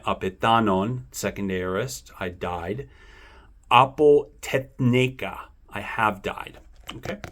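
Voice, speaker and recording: A man's voice: on the low side, slight background noise. A man thinking aloud as he works through a vocabulary list, often correcting himself. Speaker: language learner going over vocabulary. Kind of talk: casual self-study walkthrough.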